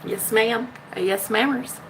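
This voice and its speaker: A woman's voice: on the high side, a little slow, slight background noise. A woman hosting a casual spiritual livestream, reading out chat messages with a bubbly, teasing manner, swearing freely and laughing often. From United States.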